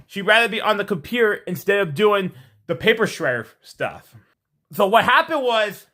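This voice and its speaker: Speaking at a moderate pace in a high voice, a male vlogger casually recounts a story to the camera. The telling is animated, rambling, and repetitive, and it closes with a moral before he signs off.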